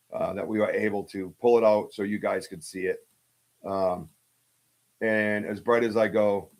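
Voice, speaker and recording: A man's voice: lowish voice, a bit bright. A man hosting a podcast, telling a story in a casual, rambling way with lots of fillers and restarts. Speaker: podcast host. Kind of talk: casual storytelling on a live stream.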